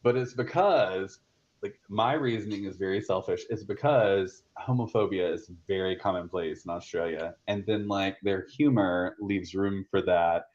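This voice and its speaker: A man's voice: deep voice, moderate pace, a little mellow. A man from Georgia with a Southern accent, chatting casually and bluntly on a live stream, rambling with plenty of fillers and profanity. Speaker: stream host. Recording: dull lo-fi audio.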